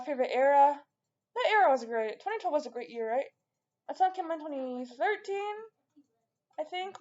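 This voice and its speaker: A woman's voice: high voice, dark tone, lo-fi sound. A woman vlogger chatting casually and rambling, with lots of fillers and restarts. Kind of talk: casual chat to camera.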